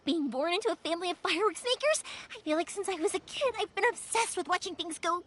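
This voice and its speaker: A woman's voice: very high voice, animated, fast talker, a bit bright. A woman voicing a chatty young female fireworks maker in a game, bubbly and easily sidetracked. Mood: excited. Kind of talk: game voice acting.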